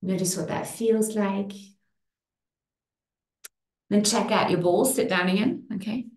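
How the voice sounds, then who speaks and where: A woman leading a guided affirmation exercise online, stretching out affirmations slowly with playful asides. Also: medium pitch, a little mellow, echoey room. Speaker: workshop leader.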